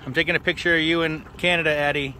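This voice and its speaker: Bright-voiced man narrating a lake trip vlog. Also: on the high side, quick pace, slight background noise. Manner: relaxed, chatty tour-guide commentary. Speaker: family vlogger. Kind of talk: casual travel vlog narration. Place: outdoors on a lake and trails.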